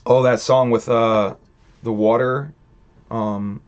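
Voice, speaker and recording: A man's voice: medium pitch, fairly even intonation, slow pace, highs cut off. A man hosting a casual livestream, rambling profanely and chatting with viewers in the chat. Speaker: livestream host reading chat.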